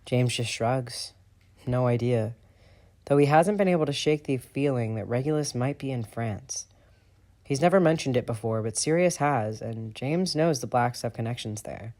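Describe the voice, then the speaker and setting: A man narrating a fan fiction audiobook in an expressive, steady storytelling voice. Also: mid-range voice, normal speed. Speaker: audiobook reader.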